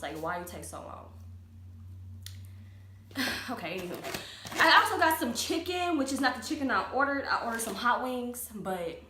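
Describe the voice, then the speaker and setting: A young woman with a sharp-toned, mid-range voice does a casual mukbang vlog at home, chatting as she eats in front of her camera. It's recorded on the camera mic in an echoey room with faint ambient noise.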